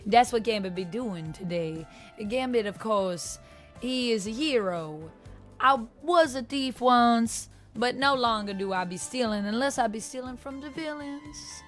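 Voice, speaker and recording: A woman's voice: a little high, animated, a little slow, a bit bright, soft background music. A woman putting on a swaggering Cajun male thief turned hero, speaking in a playful drawl with loose, ungrammatical phrasing as a livestream impression. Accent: Cajun, put on.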